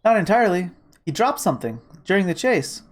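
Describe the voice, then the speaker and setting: A man's voice: high-pitched, very animated, a little fast, voice pushed up. A man voicing an earnest young male sparrow assistant in a game reading, eager and a bit whiny.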